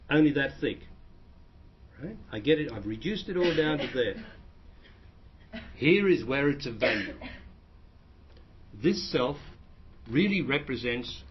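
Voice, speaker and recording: A man's voice: mid-range voice, slight background noise. A man who is a spiritual teacher, answering audience questions in a plain, explanatory way and often restarting his phrases. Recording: dull lo-fi recording.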